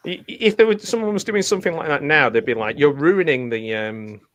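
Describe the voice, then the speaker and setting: A man hosting a casual film commentary, chatty and quick to laugh, often trailing off mid-sentence. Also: fairly high pitch, expressive, fairly bright tone, lo-fi sound. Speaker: host.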